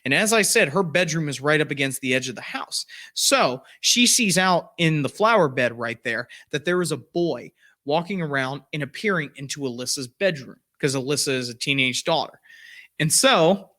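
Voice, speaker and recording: A man's voice: a little high, lively intonation, normal speed, pushed and bright. A man who hosts a podcast, telling a story casually and rambling, with many fillers and restarts. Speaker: podcast host.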